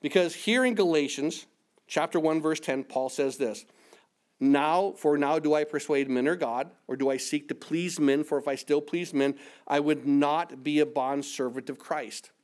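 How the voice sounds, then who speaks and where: A man's voice: a little high, normal speed, darkish tone. A man preaching a sermon as pastor, reading scripture aloud and rising for emphasis, with frequent restarts and repeated words. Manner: stumbles and repeats words when searching.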